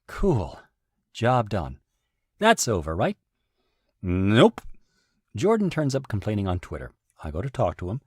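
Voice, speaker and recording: A man telling a story in a casual commentary, wry and animated, with sudden jumps in pitch. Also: unhurried, long pauses, husky, no echo, studio quality. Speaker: video essayist recounting events.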